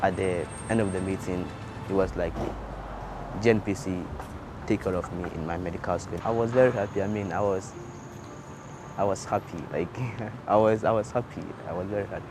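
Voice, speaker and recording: A young man, a scholarship student who answers interview questions haltingly and repeats his words. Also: deep voice, fairly even intonation, low-quality recording. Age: young adult. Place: outdoors in town. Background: music and passing vehicles.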